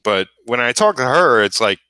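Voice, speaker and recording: A man's voice: mid-range voice, big pitch swings, moderate pace, sharp tone, smooth, dry recording. A man from Brooklyn who inks comics, chatting casually and laughing often at himself. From Brooklyn, New York. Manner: laughs often, self-deprecating. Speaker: comic book inker. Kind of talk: casual chat while inking.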